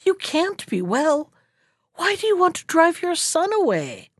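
A woman's voice: very high-pitched, big pitch swings, unhurried, no echo, studio quality, voice pushed up, full character voice. A woman voicing a bewildered young man pleading with his mother in a storybook reading.

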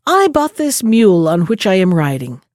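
A stubborn old peasant man from a storybook tale, as a woman reading aloud puts him on. His speech is plain-spoken and quick to take offence, and it swings up and down in a lively way. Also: high voice, no echo, studio quality. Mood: exasperated.

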